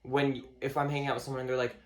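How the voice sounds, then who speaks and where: Man, vlogger, casual rant, crude, lots of fillers, mid-pitched voice. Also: flat delivery, rapid-fire, darkish tone. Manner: profane, filler-heavy, mocks others in a higher voice.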